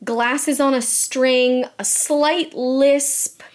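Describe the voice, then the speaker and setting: A young woman co-hosts a podcast with a fairly high voice, chatting in a lively, playful way. She is a teacher training to be a librarian and jokes easily with her co-host. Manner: animated, chatty, quick to joke. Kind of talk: casual chat.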